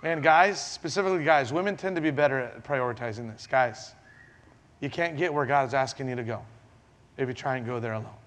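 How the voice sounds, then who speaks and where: A man's voice: mid-range voice, a little fast, fairly bright tone. A man preaching as a pastor, telling a personal story and acting out the dialogue with animation. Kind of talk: sermon storytelling. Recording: long hall reverb.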